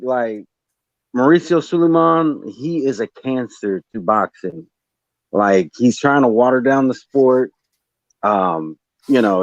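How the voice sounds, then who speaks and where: A man's voice: medium pitch, no room sound. Male guest caller, easygoing and chuckly, dull lo-fi remote sound. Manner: laid-back, chuckling, with restarts. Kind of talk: casual boxing talk on a stream.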